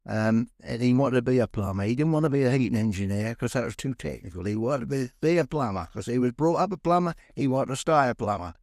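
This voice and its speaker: A man's voice: medium pitch, lively intonation, fast, creaky, hardly any pauses, a little mellow, no echo, clean studio sound. An older man with a Suffolk accent telling rambling anecdotes in an interview. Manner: chuckling, rambling anecdote teller. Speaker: guest storyteller.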